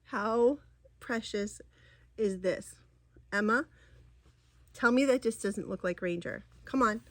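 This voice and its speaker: A woman's voice: fairly high pitch, measured pace, no echo. A middle-aged woman chatting through a cross-stitch vlog, rambling and gushing, with many ums and restarts. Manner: gushing over crafts. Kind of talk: casual chatty show-and-tell.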